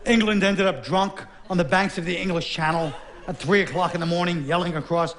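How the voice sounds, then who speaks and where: A man's voice: high voice, brisk, a crowd in the background. A man performing a sardonic stand-up comedy routine on stage before a laughing audience. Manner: wry, sardonic, conversational.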